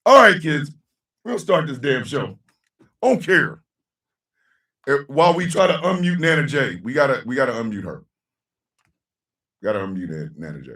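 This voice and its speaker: A man hosting a casual live-stream show, loud and laughing, heavy on slang. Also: medium pitch, very animated, normal speed, pauses often, recorded from a distance. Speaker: host. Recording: echoey room, a bit off-mic.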